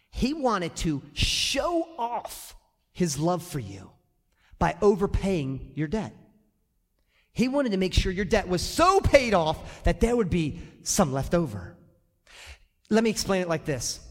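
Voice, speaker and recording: A male pastor preaching an animated sermon to his congregation, often acting out the people in his stories. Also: high voice. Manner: animated, acts out quoted voices, addresses the congregation directly. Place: church sanctuary. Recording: long church reverb.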